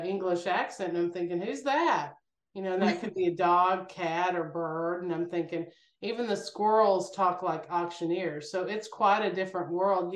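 Woman, interview guest, animated storyteller, lowish voice, echoey room. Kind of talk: casual spiritual interview talk.

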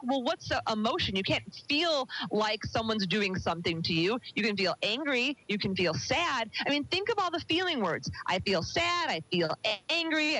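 A woman's voice: on the high side, sharp tone, a little hiss or hum, low-quality recording. A woman co-hosting a relationship talk show, speaking casually and emphatically and addressing the listeners directly. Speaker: podcast co-host and coach. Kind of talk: casual chat.

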